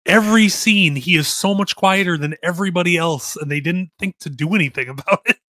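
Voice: mid-range voice, fairly quick, pushed and bright, dry recording, studio quality. A podcast co-host chatting casually about a movie in a sarcastic, incredulous way, swearing freely.

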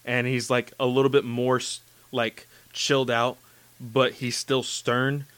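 A man hosting a casual chat about anime, gushing and excitable, with lots of "like" and "you know". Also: medium pitch, a little slow, clear, resonant tone, no echo. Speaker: podcast host discussing anime.

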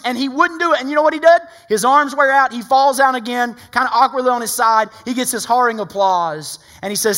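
A male pastor preaching a streamed sermon, telling a story with animated, excited delivery that drops to hushed intensity. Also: sits high, quick pace.

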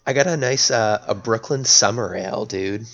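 Teasing man with a low voice. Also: moderate pace, muffled recording. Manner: teasing, dry quips. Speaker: podcast co-host. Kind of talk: casual chat.

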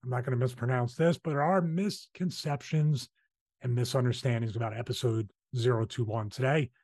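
A man's voice: mid-range voice, fairly quick, a little mellow, no room sound, clean studio sound. A man with a Philadelphia accent hosting a casual podcast, talking in rambling, self-correcting sentences. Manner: chatty, rambling, restarts his sentences. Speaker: podcast host.

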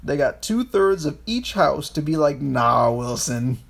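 A man's voice: a little high, expressive, moderate pace, vocal fry. A man co-hosting a podcast, chatting casually about history, rambling with frequent restarts and swearing. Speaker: podcast co-host.

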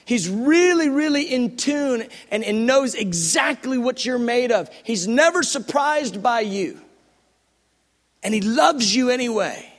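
Man, middle-aged, preacher, high voice, impassioned sermon, long reverb. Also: expressive, unhurried. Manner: impassioned, builds to loud repeated phrases then drops to a hush.

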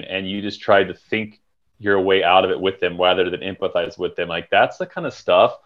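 A man talking candidly and reflectively in a podcast conversation, swearing casually. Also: deep voice. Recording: dull lo-fi recording.

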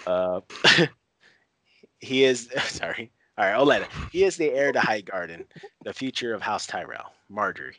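Male co-host with a low voice, casual episode recap, dry close sound. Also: animated, brisk, fairly bright tone, no echo. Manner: reads scenes aloud, with laughs and fillers. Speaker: podcast co-host.

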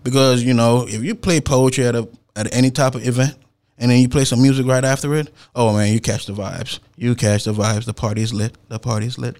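A man's voice: mid-range voice, brisk, clear, resonant tone. A man, a performance poet, telling a story in a casual, slangy way. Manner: slangy, animated retelling with laughs and acted-out quotes.

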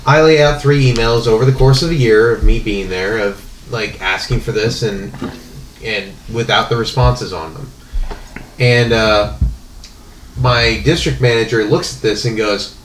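A man's voice: medium pitch, normal speed. A man in casual conversation, winding through a story with restarts and filler words. His voice sits in a roomy, echoing space with faint ambient noise underneath. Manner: rambling, many fillers and restarts. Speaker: podcast guest telling a work story.

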